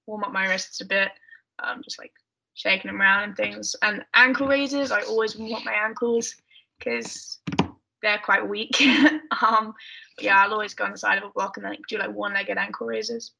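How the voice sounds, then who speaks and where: A woman's voice: mid-range voice, creaky, pushed and bright, low-quality recording. A woman with an English accent, a podcast guest chatting casually and rambling with lots of fillers. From United Kingdom. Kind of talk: casual chat.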